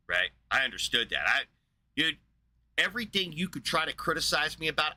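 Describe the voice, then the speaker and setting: A man's voice: medium pitch, bright, forceful tone. A man streaming a casual, profane rant in a blunt, combative way.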